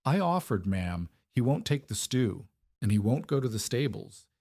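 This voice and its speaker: A man voicing a nervous middle-aged female housekeeper who speaks in a halting, hesitant way. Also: medium pitch, sing-song, mellow. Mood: anxious.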